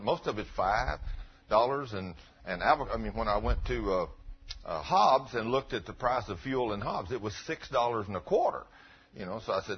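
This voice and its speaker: Husky folksy preacher man. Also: mid-range voice, sing-song, moderate pace. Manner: folksy and earnest, quotes scripture. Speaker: pastor. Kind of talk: conversational sermon. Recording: dull lo-fi recording.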